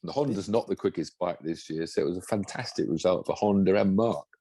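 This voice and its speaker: A man's voice: deep voice, fairly quick, dark tone. A man, a former racing driver, co-hosting a casual motorsport chat, enthusiastic and rambling, full of restarts. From England.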